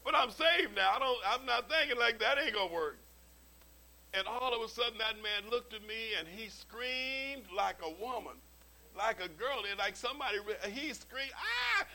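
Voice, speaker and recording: A man's voice: very high-pitched, normal speed, gravelly, rough recording. A man preaching a sermon as pastor, telling stories with humorous asides and often repeating his words as he starts a sentence. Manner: animated storytelling with humorous asides.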